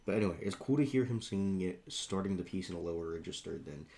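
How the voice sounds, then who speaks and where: A man reacting to a song and explaining music terms, counting beats aloud and singing snippets in a rough morning voice. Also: low-pitched, expressive, fast talker, a little mellow. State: morning voice, rough on high notes. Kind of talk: casual reaction and music analysis.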